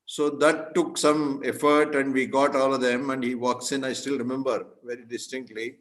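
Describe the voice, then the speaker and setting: Male guest speaker, mid-pitched, earnest storyteller who keeps clearing his throat. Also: little pitch movement, normal speed, fairly bright tone, low-quality recording. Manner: earnest, frequently clears throat, self-correcting restarts. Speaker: guest speaker at a club meeting. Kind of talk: storytelling speech.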